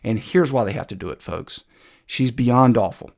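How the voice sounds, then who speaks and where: A man's voice: mid-range voice, moderate pace, gravelly, darkish tone. A man hosting a political commentary video, combative and sarcastic, talking straight to his viewers.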